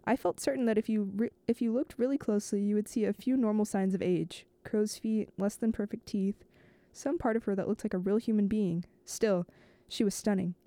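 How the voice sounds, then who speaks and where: A woman host reading a novel aloud, slow and measured, now and then stumbling and restarting a phrase. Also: mid-range voice, steady tone, warm tone, no room sound.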